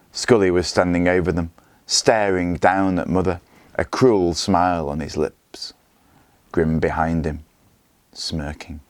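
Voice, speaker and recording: A man, a teacher, reading a children's novel aloud with steady, expressive storytelling. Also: low-pitched, dry recording. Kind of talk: read-aloud story narration.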